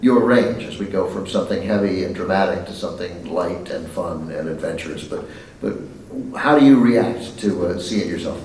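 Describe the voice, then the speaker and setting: A man hosting a stage Q&A, asking halting, rambling questions. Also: low-pitched, darkish tone, slight background noise. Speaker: host. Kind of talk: interviewer at a stage Q&A. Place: festival stage Q&A. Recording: roomy, distant mic, faint ambience.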